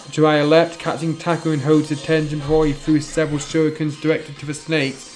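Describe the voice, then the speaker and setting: A man's voice: on the high side, completely flat delivery, a little fast, hardly any pauses, a little mellow, faint music behind. A man reading a fan story aloud as narrator, in a plain reading voice with slips and self-corrections.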